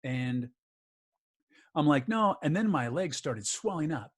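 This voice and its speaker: A man's voice: a little high, lively intonation, a little slow, slightly rough. A middle-aged man telling a personal story in an interview, acting out the other people's lines as he goes. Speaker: guest, author and voice actor.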